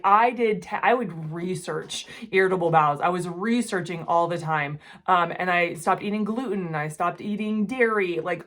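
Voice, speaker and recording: A woman in her forties with a slightly low voice shares a personal story straight to camera. She speaks in an earnest, emotional way, often dropping quiet and subdued. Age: 40s. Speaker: jewelry-making channel host.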